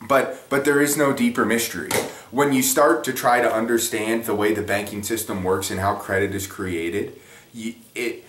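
A man's voice: on the low side, moderate pace, a bit bright. A man giving a casual, rambling spoken lesson on economics from home, conversational and self-deprecating. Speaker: economics explainer. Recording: echoey room, distant from mic.

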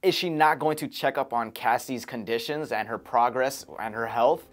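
A man talking casually to camera, reviewing a film in an animated, chatty way with frequent chuckles. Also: mid-range voice, normal speed. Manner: animated, chuckling between remarks, conversational. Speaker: movie reviewer. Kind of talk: casual movie review commentary.

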